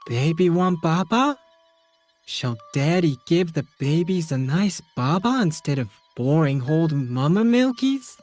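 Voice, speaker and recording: Woman putting on a creepy guy crooning sing-song, slow and soft. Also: low voice, expressive, faint music behind. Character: cruel man, sadistic pony abuser.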